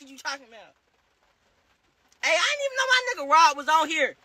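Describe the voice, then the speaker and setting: High, bright-voiced Southern American man on a phone livestream. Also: sing-song, fairly quick, long pauses, no room sound. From Charlotte, North Carolina. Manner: rambling, profane, talks back to viewers' comments. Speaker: rapper hosting a livestream. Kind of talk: casual livestream chat.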